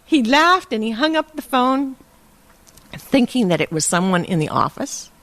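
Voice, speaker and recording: An older woman from Hawaii telling lively stories in a casual interview and laughing often. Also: a little high, normal speed, dry recording. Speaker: interview guest. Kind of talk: casual storytelling.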